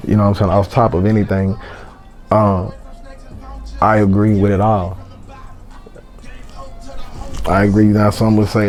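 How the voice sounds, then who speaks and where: Brief: low-pitched Texas rapper, blunt and profane guest, faint music underneath. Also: male voice, steady tone, moderate pace, darkish tone. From San Antonio, Texas. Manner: blunt and profane, heated storytelling. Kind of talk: casual interview chat.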